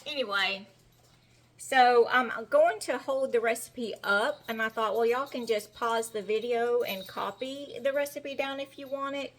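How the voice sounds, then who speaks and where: A woman's voice: a little high, measured pace. Chatty Southern woman baking at home. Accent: Southern American. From American South. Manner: chatty, homey, folksy. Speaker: home-cooking vlogger. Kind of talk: casual cooking demonstration. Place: home kitchen.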